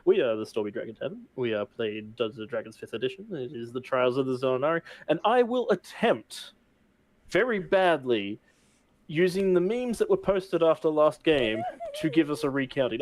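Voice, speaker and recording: A man's voice: medium pitch, animated, brisk, few pauses, a little mellow, a little hiss or hum. A man casually recapping the last session of a tabletop game, rambling with many fillers and laughs. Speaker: game master.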